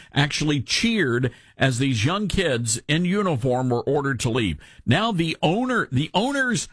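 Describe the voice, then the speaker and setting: Sarcastic husky male talk radio host. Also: fairly high pitch, a bit bright, no room sound. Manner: sarcastic, mocking asides and fake coughing fits. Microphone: studio microphone.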